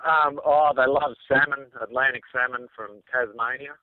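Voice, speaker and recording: A man's voice: medium pitch, fairly even intonation, normal speed, dry recording. A man with an Australian accent calling in, chatting casually with laid-back, self-deprecating jokes. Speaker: phone-in caller. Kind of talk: casual chat. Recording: tinny phone line.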